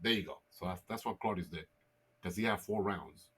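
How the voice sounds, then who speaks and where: Man, husky voice, tabletop player, rambling rule explanations, casual. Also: low-pitched, a little fast, fairly bright tone. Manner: explains rules in long run-on turns. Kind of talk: casual tabletop game chat.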